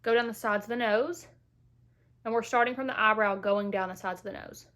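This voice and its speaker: A young woman beauty vlogger chats casually at home through a makeup tutorial, playful and full of asides, dropping a Southern-style "y'all." Her fairly high voice is brisk and a bit bright with fairly even intonation. She sounds a little short of breath as she recovers from illness.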